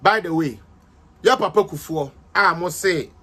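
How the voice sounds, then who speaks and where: A man's voice: fairly high pitch, moderate pace, bright, forceful tone, husky. A Ghanaian-accented man hosting a livestreamed political commentary, combative and mocking as he switches between languages.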